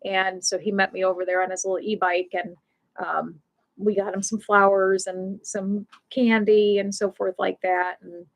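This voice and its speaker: A woman's voice: medium pitch, flat delivery, moderate pace. Middle-aged woman chatting on a livestream at home, rambly, keeps restarting, laughs a lot. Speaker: pet loss support livestream host. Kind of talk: casual livestream chat.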